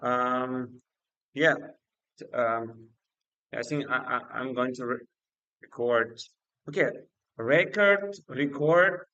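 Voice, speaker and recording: A man's voice: mid-range voice, level tone, takes it slowly, pauses often, bright, forceful tone, dry recording, lo-fi sound. A man hosting a casual livestream, speaking hesitantly with many fillers and restarts. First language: Uzbek. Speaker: livestream host and exam student.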